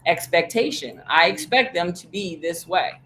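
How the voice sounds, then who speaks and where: A woman coaching a group in an animated, emphatic, blunt way, with the odd curse. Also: lowish voice, normal speed, poor audio. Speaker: sales coach. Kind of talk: coaching talk.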